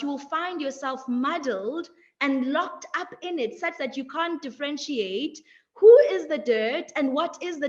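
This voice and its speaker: A young woman with a high voice gives a reflective motivational talk, letting her phrases stretch out and tagging them with "right?". The audio is a bit dull and muffled, like a typical webinar call. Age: young adult. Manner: measured, drawn-out phrasing, frequent "like" and "right?". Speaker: webinar speaker.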